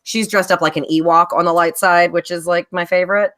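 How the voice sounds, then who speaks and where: Woman, lowish voice, chatty, rambling, lots of fillers, casual guest on a live stream. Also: fairly even intonation, brisk, fairly bright tone. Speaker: guest, bag designer. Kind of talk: casual chat.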